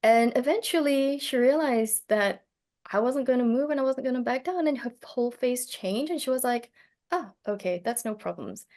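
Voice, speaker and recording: A woman's voice: sits high, normal speed. Reflective woman with frequent ums. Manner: hesitant, many fillers and restarts; reflective, gently animated when telling a story. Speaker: speaker on plant medicine. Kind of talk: casual personal storytelling.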